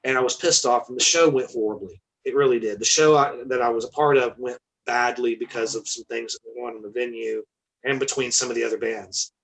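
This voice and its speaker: A man's voice: mid-range voice, fairly even intonation, fairly quick, a bit bright, rough recording. A man, a guest musician, telling a story in casual chat, candid and swearing freely.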